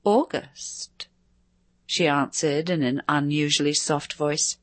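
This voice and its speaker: A woman narrating a story in a measured, expressive reading. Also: on the low side, dry recording. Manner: measured, expressive, varied delivery.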